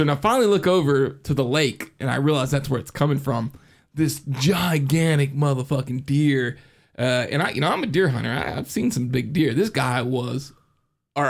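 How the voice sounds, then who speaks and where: A man's voice: medium pitch, animated, moderate pace, gravelly. A man co-hosting a horror podcast, telling a camping story in casual, profane chat and laughing often. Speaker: podcast co-host.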